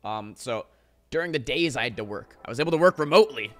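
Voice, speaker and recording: A young man in his twenties rambling casually to his live-stream chat, animated and full of "like" and swearing. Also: medium pitch, fast talker, faint music behind.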